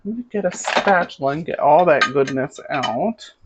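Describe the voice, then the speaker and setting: A woman's voice: deep voice, lively intonation, moderate pace, highs cut off. Chatty middle-aged woman cooking at home. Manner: chatty, rambling, talks to camera while cooking. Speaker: cooking show host. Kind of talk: casual cooking vlog. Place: home kitchen. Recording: noisy kitchen with clattering dishes. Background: pots, pans and dishes clattering.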